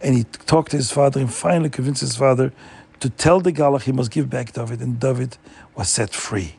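A man telling a Jewish folk story in an animated way, repeating words for emphasis. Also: mid-range voice, brisk, vocal fry, breathy edge.

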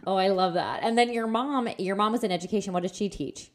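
A woman's voice: medium pitch, fast talker. A woman hosting a podcast, chatting eagerly and asking leading questions. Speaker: podcast host. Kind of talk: casual interview chat.

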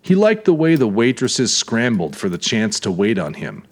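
A man narrating a hardboiled story in a measured, deliberate audiobook reading. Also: fairly low pitch, huge pitch swings.

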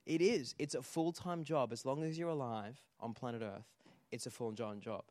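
A man preaching a lively sermon, telling stories and calling out to the congregation for responses. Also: medium pitch, moderate pace, no room sound. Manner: animated storytelling with audience call-outs. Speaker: pastor.

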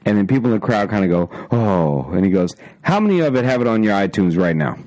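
Man, podcast host, joking and teasing, lively pitch, dry close sound. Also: quick pace, dry recording. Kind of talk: casual chat.

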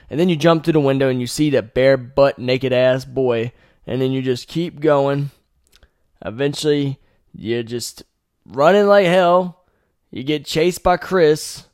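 Young male host, casual game retelling, profane and animated, mid pitch. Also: moderate pace, no echo, clean studio sound. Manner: animated, profane, laughing asides. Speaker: podcast host.

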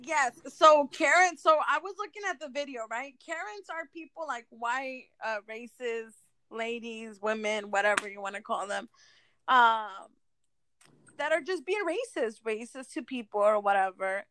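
A woman with a high voice co-hosting a casual podcast. She talks in an emphatic, chatty way, full of fillers and curse words. The recording is dry and close. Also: normal speed, bright, forceful tone, no room sound. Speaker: podcast co-host. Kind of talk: casual chat.

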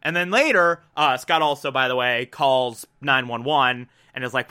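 A man casually recapping a TV episode, animated and profane, acting out characters' lines as he goes. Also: mid-range voice, moderate pace, clear, resonant tone. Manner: animated, profane, quotes characters mid-story. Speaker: TV recap commentator.

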